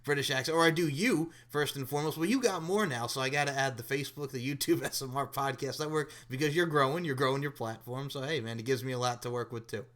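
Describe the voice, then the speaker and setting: A man hosting a wrestling podcast interview, energetic and casual, swearing freely. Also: medium pitch, quick pace, few pauses. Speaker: podcast host.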